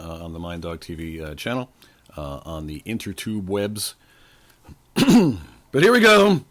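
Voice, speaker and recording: A man, hosting a casual trivia podcast, rambling and joking straight to his listeners. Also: sits low. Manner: stops to sip water between questions.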